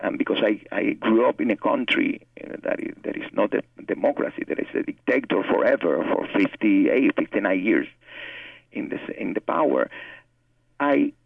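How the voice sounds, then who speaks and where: Cuban-accented male novelist, low gravelly voice, earnest and halting, on a far-off phone line. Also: animated, no echo. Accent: Cuban Spanish. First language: Spanish. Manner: earnest, repeats words while searching for English. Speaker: novelist guest. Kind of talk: interview conversation. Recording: tinny phone line, distant from mic.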